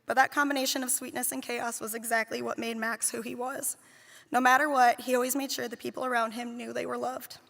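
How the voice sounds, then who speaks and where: Her voice high, bright, and gravelly, a nanny delivers a read eulogy for the children she cared for, recounting stories with tender fondness. She keeps a level tone and a brisk pace, and a large hall lends a long reverb.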